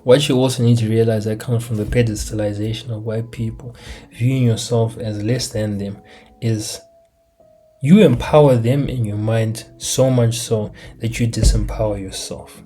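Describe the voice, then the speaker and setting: A young man from Africa delivering a casual, animated monologue on a laptop mic, asking rhetorical questions and dropping into slang. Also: on the low side, moderate pace, faint music behind. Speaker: commentator.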